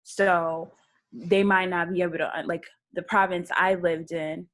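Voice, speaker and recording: A woman guest in a casual video interview, relaxed and laughing often, correcting herself as she talks. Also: fairly low pitch, measured pace. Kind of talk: casual video-call chat. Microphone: video call.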